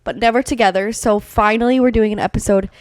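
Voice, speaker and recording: A woman's voice: mid-range voice, fairly even intonation, quick pace, dry recording. A woman hosting a casual podcast, chatty and bubbly, often trailing off with fillers. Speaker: podcast host. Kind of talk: casual chat.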